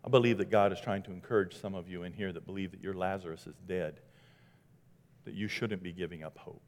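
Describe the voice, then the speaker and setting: A man preaching a sermon as pastor, dramatic, dropping to a hush and rising to loud exclamations. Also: low voice, steady tone, a little fast, long reverb tail. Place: church sanctuary.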